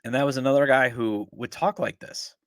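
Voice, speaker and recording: A man's voice: mid-range voice, fairly even intonation, fairly quick, fairly bright tone, no echo, clean studio sound. A middle-aged man hosting a sports podcast, ranting with exasperated sarcasm about his team. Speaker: podcast host. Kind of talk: opinionated sports talk.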